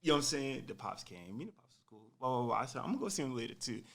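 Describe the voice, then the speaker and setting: A young man casually telling a personal story on a podcast, animated and full of slang, acting out what people said. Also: mid-range voice, rapid-fire. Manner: animated, slangy, acts out quotes.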